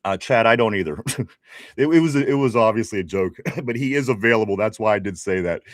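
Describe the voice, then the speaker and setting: A man's voice: lowish voice, lively intonation, brisk, no echo, clean studio sound. A man with a Pittsburgh accent co-hosting a live sports show, reading viewer comments with teasing laughs. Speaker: podcast co-host.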